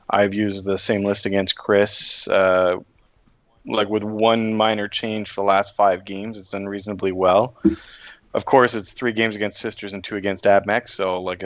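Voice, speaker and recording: A man's voice: fairly low pitch, fairly bright tone, no echo. A man co-hosting a podcast, speaking in a matter-of-fact way in casual chat. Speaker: podcast co-host.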